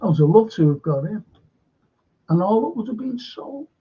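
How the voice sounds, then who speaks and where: A man hosting a live stream, reading out viewer comments in a rambling, slow way with asides. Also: sits high, sing-song, slightly rough, lo-fi sound. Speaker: host.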